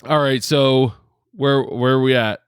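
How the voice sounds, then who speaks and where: A man's voice: mid-range voice, fairly even intonation, a little slow, clear, resonant tone, no echo, clean studio sound. A man co-hosting a casual podcast on a headset mic, rambling with lots of fillers and laughing often. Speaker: podcast co-host.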